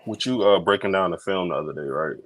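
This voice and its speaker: A man's voice: sits low, fast, no room sound. A man on a sports debate panel, asking casual, probing questions.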